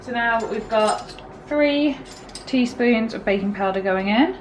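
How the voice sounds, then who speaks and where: A woman's voice: fairly high pitch, a little slow, slight background noise, low-quality recording. A woman, chatting casually through a home baking vlog, self-deprecating and easygoing. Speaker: vlogger. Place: home kitchen.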